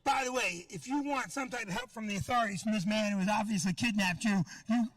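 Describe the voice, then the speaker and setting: A man's voice: high voice, quick pace, a bit bright, recorded from a distance. A middle-aged man doing a stand-up set in a comedy club, brash and profane as he teases the crowd. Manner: brash, profane, teasing the audience.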